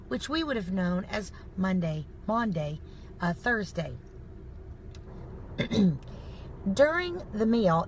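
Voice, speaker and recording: A woman of middle pitch gives a devotional Bible lesson in a calm, explanatory voice. She pauses now and then on small fillers as she works through a point. A faint hiss of noise sits under the recording. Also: low-quality recording. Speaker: Bible study teacher. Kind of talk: devotional teaching talk.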